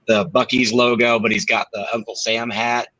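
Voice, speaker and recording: A man joining a casual stream chat, halting and stammering with good humor. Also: mid-range voice, little pitch movement, sharp tone, dry recording, lo-fi sound.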